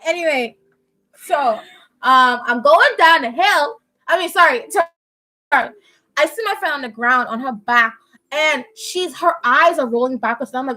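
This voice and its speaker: High-voiced Bahamian woman telling a story. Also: unhurried, low-quality recording. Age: young adult. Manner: animated, chatty storyteller with frequent laughs. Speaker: live-stream host. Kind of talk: casual chat, storytelling. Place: at home indoors.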